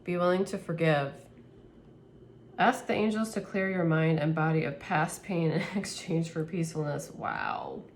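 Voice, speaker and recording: A woman reads tarot for her viewers in a low voice, earnest and easily moved, laughing now and then. She rambles and restarts her sentences. A faint hiss of noise sits behind her. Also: very animated, a little slow. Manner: earnest, emotional, laughs often. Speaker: tarot reader. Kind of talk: spiritual tarot reading to camera.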